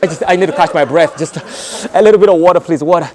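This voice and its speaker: A man's voice: on the high side, very fast, a little mellow, some chatter behind, voice pushed down, close to an everyday voice. A man voicing a polite male runner who is out of breath. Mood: breathless.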